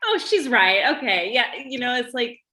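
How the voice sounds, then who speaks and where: Chatty woman author on a podcast, bright sharp voice, casual. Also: on the high side, big pitch swings, normal speed. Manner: chatty, lots of "like" fillers. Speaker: podcast co-host and guest author. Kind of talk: casual chat.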